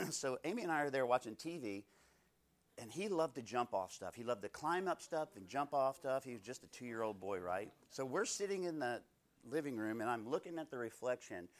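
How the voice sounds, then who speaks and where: A man in his thirties leading a Bible study, preaching conversationally through personal stories and often asking his listeners "right?". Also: medium pitch.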